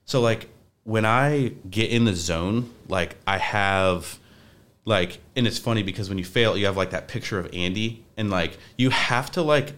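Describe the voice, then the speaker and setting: A man's voice: fairly low pitch, normal speed, a bit bright. A young man, a podcast guest, talking casually in a rambling way with many restarts. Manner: rambling, restarts often, says like a lot.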